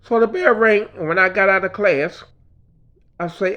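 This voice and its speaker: A man telling a personal story in a quiet, low-key way, often dropping to a mutter and swearing freely. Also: normal speed, lo-fi sound. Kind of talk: personal story told casually.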